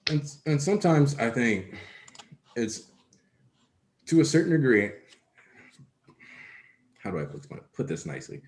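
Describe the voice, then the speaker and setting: A man's voice: mid-range voice, sing-song, a little slow, long pauses. A man co-hosting a casual discussion, explaining his points at length in an analytical way. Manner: analytical, talks in long explanations. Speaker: co-host. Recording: echoey room.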